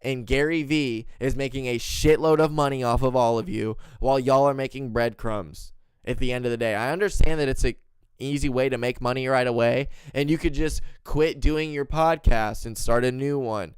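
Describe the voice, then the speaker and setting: A man's voice: medium pitch, normal speed, clear, resonant tone, dry recording, clean studio sound. A man hosting a podcast, ranting casually and swearing often. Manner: profane, ranting, animated. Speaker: podcast host.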